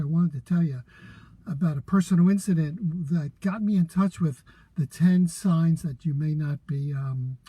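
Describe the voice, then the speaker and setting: A man's voice: a little high, warm tone, slightly rough, no room sound. An older man hosting a casual talk, telling a personal story in a candid, rambling way with frequent restarts. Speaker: host. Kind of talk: casual talk to a live audience.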